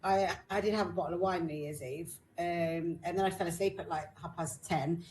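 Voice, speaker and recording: A woman's voice: on the low side, fairly even intonation, a little fast, darkish tone, a little hiss or hum, rough recording. A woman co-hosting a podcast, talking openly in casual chat with frequent ums and repeats. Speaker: podcast co-host.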